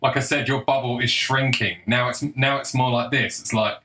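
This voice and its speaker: A man's voice: medium pitch, fairly even intonation, moderate pace, bright, forceful tone, a little hiss or hum, poor audio. A young man giving a blunt, combative, sarcastic opinion monologue, swearing freely. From England. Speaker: political commentator.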